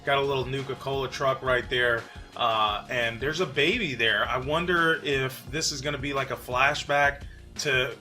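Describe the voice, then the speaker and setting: A man from New York hosting a casual gaming commentary, relaxed and chatty with frequent fillers. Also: medium pitch, normal speed, faint music behind. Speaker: channel host.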